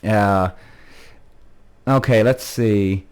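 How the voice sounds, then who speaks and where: This podcast host has a lowish, clear, resonant voice and draws out his words. Streaming live, he reads viewer comments, addresses people by name, rambles chattily, and swears freely as he heats up.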